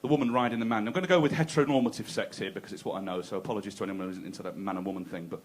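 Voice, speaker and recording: On a comedy club stage, a stand-up comedian with a lowish voice races through a crude, conversational set, teasing the crowd.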